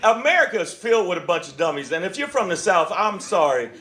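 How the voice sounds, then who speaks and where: A man's voice: sits high, big pitch swings, fast. A man doing a stand-up comedy set on a club stage, brash and profane, slipping into mocking voices. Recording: live club with loud crowd laughter.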